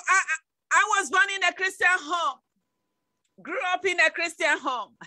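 A very high, bright woman's voice, preaching a personal testimony. She repeats herself, breaks into shouts and laughs, and sounds dry and close, with no room around her. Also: dry recording. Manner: emotional, repetitive, with sudden shouted outbursts and laughs. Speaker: evangelist. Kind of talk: testimony sermon.

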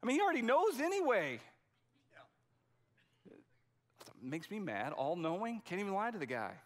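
A man delivers a sermon in an earnest, conversational way, leaning hard on key words and restarting sentences as he goes. His voice sits a little higher than most men's. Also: huge pitch swings, normal speed, slight background noise. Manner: conversational, emphatic preaching with frequent restarts. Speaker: pastor.

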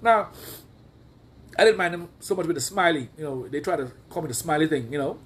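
A man's voice: on the high side, expressive, brisk, slight background noise. A man preaching a sermon as a prophet, emphatic and repetitive, asking his listeners rhetorical questions.

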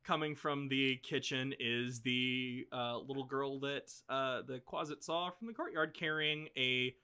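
A man running a tabletop game, describing the scene at a slow, easy pace. His voice is bright and forward, and fillers and asides trail through his lines. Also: medium pitch, steady tone, smooth. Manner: unhurried, many fillers and asides. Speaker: game master.

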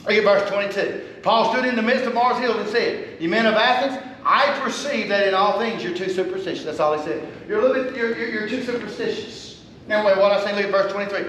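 A man preaching a conversational sermon, swinging from low asides to loud emphatic peaks and chuckling at his own points. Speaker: pastor. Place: church sanctuary. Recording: echoey church sanctuary with faint hum.

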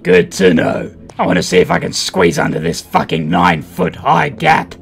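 A man's voice: fairly high pitch, sing-song, moderate pace, gravelly, soft background music. A man doing profane, joking let's play commentary while playing a horror game. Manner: crude, loud, profane joking. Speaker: gaming channel host.

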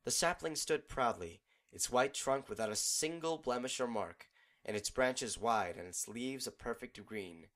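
A man narrating a fan fiction audiobook in a steady, measured storytelling manner. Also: mid-range voice.

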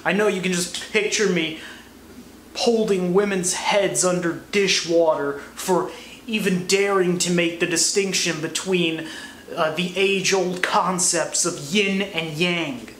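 A man's voice: high voice, slow, a bit bright. Crude, sarcastic young comedian, man. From United States. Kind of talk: comedy monologue. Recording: echoey room, faint noise.

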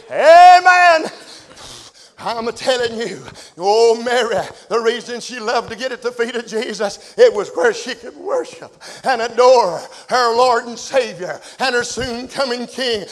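A middle-aged man preaching a revival sermon, folksy and plain-spoken, swinging from shouted glory cries to hushed, tender lows. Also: in a large hall.

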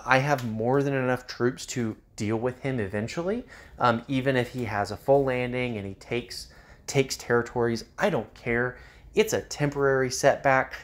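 A man giving casual commentary on a strategy game, with many ums and uhs. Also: medium pitch. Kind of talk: gameplay commentary.

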